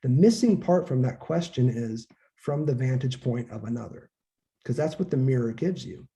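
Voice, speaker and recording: Animated and warm, a man with a medium-pitched voice lectures at normal speed in an informal, conversational way. He acts out quoted voices and swears every so often.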